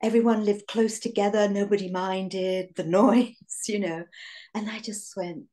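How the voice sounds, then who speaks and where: A woman in her sixties with an English accent, reminiscing in an interview in a reflective, halting way with fillers and soft laughs. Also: medium pitch, steady tone. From England. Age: 60s.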